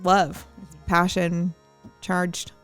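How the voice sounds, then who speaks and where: A woman guesting on a podcast, playful and expressive as she talks about running her own show. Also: fairly low pitch, extremely slow, clear, resonant tone, faint music behind. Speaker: podcast guest, sex podcast co-host. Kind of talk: casual podcast chat.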